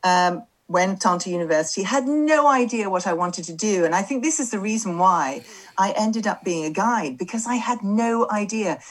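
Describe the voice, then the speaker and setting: A middle-aged tour guide from Birmingham, England, tells her story in an interview, self-deprecating and quick to laugh, with lots of ums. Her voice is mid-range and animated.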